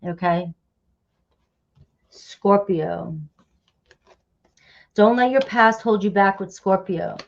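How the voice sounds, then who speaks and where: A woman's voice: mid-range voice, takes it slowly, gravelly, long pauses, highs cut off. A woman giving a casual tarot reading, chatty and loose, often dropping in "all right" and "okay". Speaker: tarot reader.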